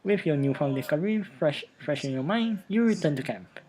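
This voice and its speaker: A man's voice: fairly high pitch, animated, fairly quick, darkish tone, rough recording. A man hosting a let's play, reading a text game aloud and often stumbling and repeating words.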